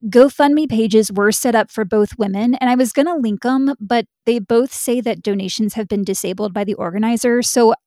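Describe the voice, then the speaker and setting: A woman's voice: a little high, normal speed, few pauses, dark tone, no echo, studio quality. A young adult woman co-hosting a true crime podcast, talking casually and bluntly, swearing freely. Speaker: podcast co-host.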